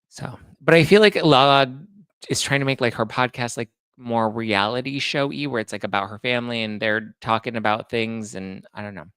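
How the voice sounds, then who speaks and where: A man hosts a casual talk show, chatting loosely and reading out viewer comments. His voice sits low with a gravelly fry. The sound is dry and close, with no room around it. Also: no room sound. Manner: chatty, reads viewer comments aloud, animated retelling. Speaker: host. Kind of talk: casual chat.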